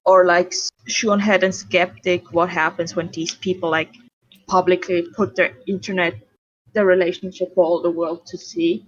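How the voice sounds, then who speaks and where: A woman's voice: on the low side, level tone, normal speed, fairly bright tone, no echo. A woman from Switzerland with a Swiss German accent, chatting casually and swearing freely on a late-night stream. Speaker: stream co-host. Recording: dull, lo-fi stream audio.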